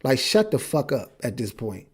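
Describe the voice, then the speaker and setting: A man's voice: medium pitch, moderate pace, slightly rough. A man co-hosting a podcast in casual chat, ranting bluntly and swearing freely. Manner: animated, profane, blunt ranting. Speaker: podcast co-host.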